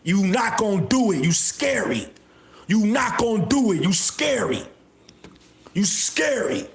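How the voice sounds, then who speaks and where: A man hosting a livestream, delivering a repetitive, confrontational rant with bursts of shouting. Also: high voice, big pitch swings, unhurried, vocal fry. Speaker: livestream host. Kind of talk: ranting livestream monologue. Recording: echoey room.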